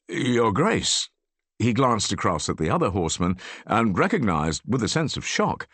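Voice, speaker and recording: A male audiobook narrator with a deep voice that rises and falls very widely. He reads in a measured, expressive style. The sound is dry and close, with no room. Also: dry recording. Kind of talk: scripted narration.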